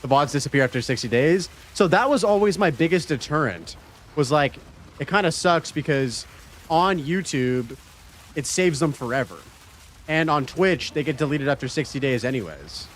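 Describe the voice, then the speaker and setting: A man's voice: on the high side, animated, moderate pace, slight background noise. A man from Canada streaming a game, chatting casually with his viewers and swearing freely. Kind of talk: casual livestream chat.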